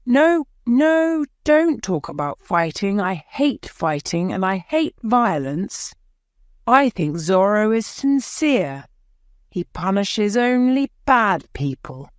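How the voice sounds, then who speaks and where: A woman voicing a gentle young nobleman who hates fighting, pleading softly in an audiobook. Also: medium pitch, sing-song, slow pace, no echo, studio quality, pitched above the performer's own voice. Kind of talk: audiobook character voice.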